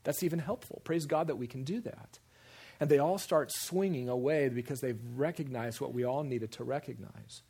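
A man preaching a sermon in an animated way, with repeated emphasis and acted-out quoted voices. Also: medium pitch, moderate pace, vocal fry, slightly rough. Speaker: preacher or teacher.

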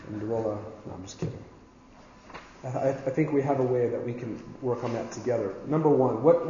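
A man's voice: medium pitch, warm tone, slight background noise. A man teaching a Bible class in a conversational, emphatic way, often repeating words as he thinks aloud. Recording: echoey, dull room recording.

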